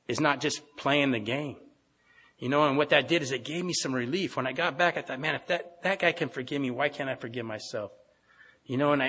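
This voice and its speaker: A man's voice: medium pitch, a bit bright. A middle-aged man giving an earnest, rambling personal recovery talk at a meeting, with many restarts. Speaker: AA speaker. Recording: long hall reverb.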